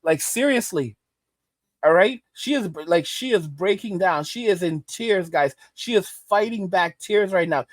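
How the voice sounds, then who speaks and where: A man's voice: high voice, lively intonation, measured pace, dry recording. A man doing reaction commentary, emphatic and repeating phrases for stress.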